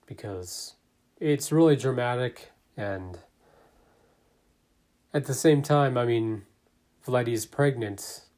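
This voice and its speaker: A man's voice: medium pitch, takes it slowly, long pauses, a little mellow. A man casually narrating and commenting on his own fan theory, thinking aloud with fillers. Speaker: fan theory video maker.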